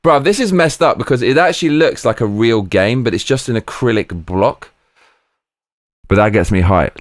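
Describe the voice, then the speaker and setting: A man hosting a live stream, commenting on footage in an excitable, slangy, chatty way. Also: fairly low pitch, normal speed, no room sound. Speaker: streamer host.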